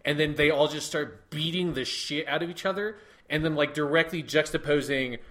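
A man's voice: a little high, normal speed, a bit bright. A man in casual conversation about a film, thoughtful and rambling, with frequent restarts. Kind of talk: casual chat, film discussion.

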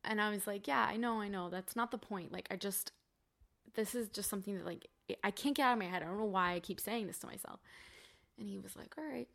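Woman in her 20s, interview guest; bright tone with gravelly fry, chatty storyteller. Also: medium pitch, fast. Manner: chatty, many "like" fillers, quotes family in dialogue.

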